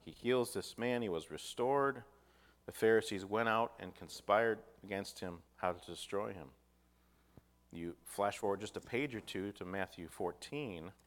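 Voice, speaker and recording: A man's voice: fairly low pitch, a little slow. Man preaching, questioning his listeners. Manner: asks the listeners rhetorical questions; reads scripture aloud with rising emphasis. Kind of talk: sermon.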